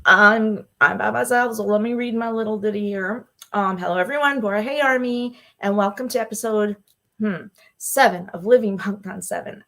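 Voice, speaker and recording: A woman in middle voice hosts a casual solo livestream. She talks in an excited, rambling way, filling gaps with ums and breaking into laughs. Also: medium pitch, normal speed. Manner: chatty and excitable, with frequent laughs and fillers. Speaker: podcast host.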